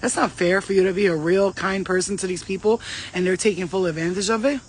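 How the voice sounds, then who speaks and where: A woman giving casual spiritual advice as a vlogger, blunt and profane, telling stories in an animated way. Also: medium pitch, quick pace, a little hiss or hum. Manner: blunt, profane, streetwise talk; animated storytelling.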